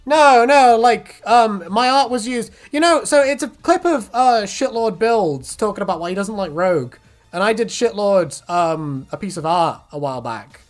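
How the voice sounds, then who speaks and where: A woman's voice: medium pitch, lively intonation, moderate pace, soft background music. A woman streaming her art, chatting casually, swearing freely and laughing a lot as she rambles through stories. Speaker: artist streamer.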